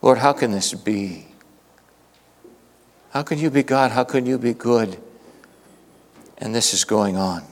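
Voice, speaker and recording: A man preaching a sermon in a church, telling the story dramatically, his voice rising to urgent questions and sinking to hushed lines. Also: mid-range voice, slow pace, pauses often. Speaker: pastor. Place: church sanctuary. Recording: long reverb from a large hall.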